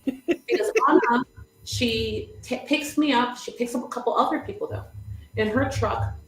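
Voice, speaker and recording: A woman's voice: a little high, moderate pace, reverberant, background noise. A woman coach hosting a livestream, telling a story vividly and laughing often. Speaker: business coach, show host.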